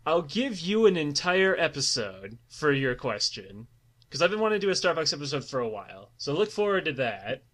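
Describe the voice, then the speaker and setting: A man's voice: a little high, very animated, brisk, fairly bright tone. A young man co-hosting a podcast in casual chat, sarcastic and swearing freely. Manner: crude, sarcastic, heavy swearing. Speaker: podcast co-host.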